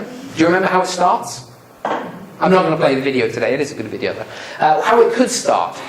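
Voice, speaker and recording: Playful male trainer in a roomy hall. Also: a little high. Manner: playful, joking, quizzes the audience. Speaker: public speaking trainer. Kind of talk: live presentation to an audience. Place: lecture room with a live audience. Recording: roomy hall sound, faint noise.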